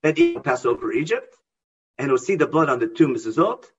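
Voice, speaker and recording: Husky-voiced man teaching a Bible class. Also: mid-range voice, sing-song, a little fast, dull audio. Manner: reads Hebrew verses, then explains them with emphasis. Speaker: Torah teacher.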